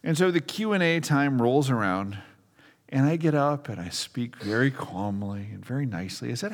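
A man's voice: mid-range voice, moderate pace. A pastor in his forties preaching a sermon, telling stories with self-mocking humor and acting out the people in them. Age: 40s. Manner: lively storytelling, acts out quotes, self-mocking humor. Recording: long reverb of a large hall.

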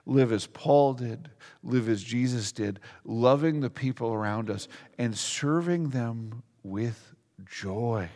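A man preaching a sermon as a pastor, talking in a lively, conversational way and asking the congregation questions. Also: mid-range voice, slow pace. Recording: long reverb of a large hall.

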